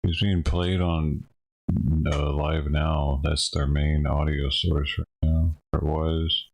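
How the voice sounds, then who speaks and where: A man with a very deep, gravelly voice gives casual commentary. He talks slowly, with dry, puzzled and offhand remarks. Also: little pitch movement. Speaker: host reacting to a clip.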